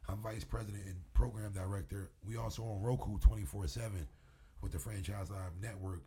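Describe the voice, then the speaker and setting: A man who works as a wrestling promoter, chatting as a guest in a casual interview, an animated storyteller who swears freely. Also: lowish voice, fairly quick, breathy edge.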